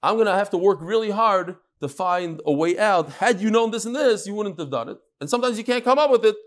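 A male teacher working through a text with his class, his voice sitting a little high for a man. He drives his points home with rhetorical questions and repeated phrases, talking as much as reading. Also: lively intonation, a little fast. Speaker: religious studies teacher. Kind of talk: classroom text-study lecture.

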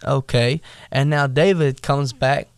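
Slow, gravelly man teaching scripture. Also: medium pitch, fairly even intonation, no room sound, studio quality. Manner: casual, halting, with many fillers. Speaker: bible study teacher. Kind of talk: bible lesson, retelling scripture.

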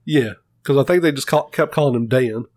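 A man's voice: medium pitch, fairly quick, dry recording, clean studio sound. A man co-hosting a casual podcast, swearing freely as he retells stories and acts out the quotes. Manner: profane, animated retelling with quoted voices. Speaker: podcast co-host. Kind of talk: casual chat, storytelling.

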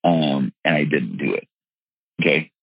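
Deep gravelly man telling his story. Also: fairly even intonation, a little slow, no echo, highs cut off. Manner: earnest, emphatic, frequent restarts and "literally". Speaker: real estate investor and seminar teacher. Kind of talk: candid personal storytelling in an interview.

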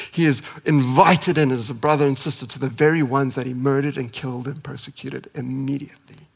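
A man preaching a sermon with impassioned delivery, climbing to emphatic peaks and dropping to soft, quiet passages. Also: on the high side, gravelly. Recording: long hall reverb.

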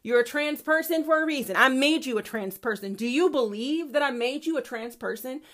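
A woman's voice: high voice, animated, a little fast, a bit bright. A woman voicing a stern, almighty male God who scolds with blunt profanity.

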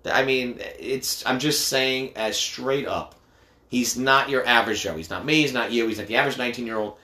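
A man's voice: mid-range voice, normal speed, pushed and bright. A middle-aged man, a father, talking bluntly and swearing a lot in casual banter with his teenage son. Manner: blunt, heavy swearing, teasing. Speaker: father, podcast co-host. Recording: echoey room.

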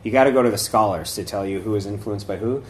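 A man's voice: on the low side, fast, a little mellow, slight background noise. A man giving an informal talk on meditation and yoga traditions, rambling conversationally with many fillers and restarts. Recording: echoey room.

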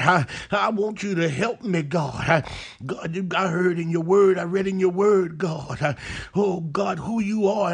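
A man preaching a sermon in a chanted, whooping cadence, opening nearly every phrase with a breathy "uh". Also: high voice.

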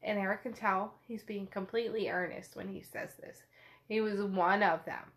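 A woman's voice: medium pitch, fairly even intonation, moderate pace, a bit bright. A woman casually retelling a novel chapter, chatty and full of fillers. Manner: chatty paraphrasing with frequent fillers. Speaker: book podcast host.

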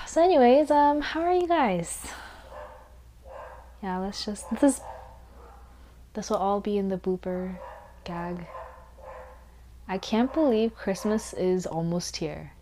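A young woman hosting a casual podcast, congested, rambling and correcting herself, often dropping to quiet asides. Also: medium pitch, animated, measured pace, long pauses, slight background noise. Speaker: podcast host. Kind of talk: casual chat recap.

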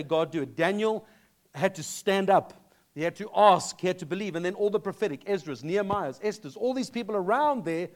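A man from South Africa preaching a sermon as pastor, earnest and conversational, slowing down to read scripture aloud. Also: high-pitched. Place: church.

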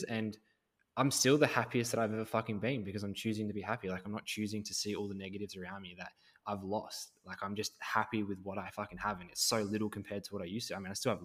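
A man's voice: fairly low pitch, a bit bright. A man hosting a podcast, reflective and rambling, swearing casually as he talks. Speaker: podcast host, coach.

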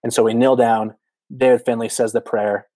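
A man in his thirties tells a story on a podcast, jumping up high in pitch whenever he acts out a scream or a quote. His voice sits mid-range and the sound is dry and close. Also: moderate pace, no echo, low-quality recording. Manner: animated storyteller, many "like" fillers, acts out quotes. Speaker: podcast guest, former missionary. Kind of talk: casual storytelling.

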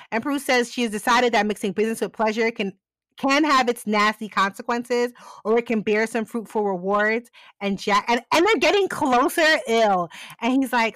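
A podcast co-host with a slightly high, fairly bright voice casually recaps a TV episode at a normal pace, laughing a lot as she performs the characters' lines. The recording has no room sound.

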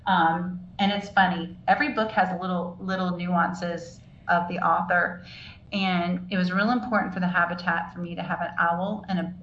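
A woman's voice: fairly low pitch, a bit bright. An older woman, a children's book author, chatting as a guest in an enthusiastic, rambling way with many restarts. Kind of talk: casual interview chat. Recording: echoey, dull, faint noise.

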